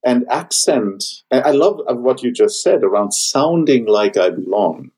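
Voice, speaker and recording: Husky-voiced man with a German accent. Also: mid-range voice, lively intonation, measured pace, mellow, rough recording. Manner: thoughtful, searching for words. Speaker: podcast host. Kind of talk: casual conversation.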